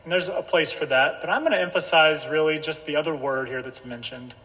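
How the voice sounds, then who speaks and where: A man's voice: on the high side, bright, forceful tone. Preaching man in a reverberant church. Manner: slow, emphatic preaching with repeated phrases. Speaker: pastor. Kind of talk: sermon. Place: church sanctuary.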